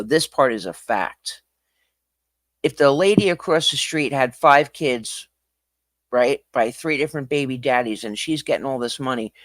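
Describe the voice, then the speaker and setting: A man hosting a livestream, talking casually in an animated, ranting way that swings from quiet to loud. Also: mid-range voice, no room sound, clean studio sound. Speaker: livestream host.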